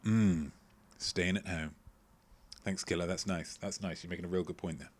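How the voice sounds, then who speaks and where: A man's voice: deep voice, steady tone, normal speed. Playful rambling man hosting a quiz. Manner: playful, rambling, jokey asides. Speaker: quiz host. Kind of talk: live-streamed quiz hosting, reading chat. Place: at home, indoors.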